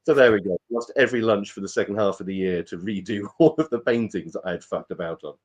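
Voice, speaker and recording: A man's voice: lowish voice, quick pace, muffled recording. A British man co-hosting a casual chat show, telling stories in a jokey way and swearing now and then. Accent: British English. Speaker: podcast co-host.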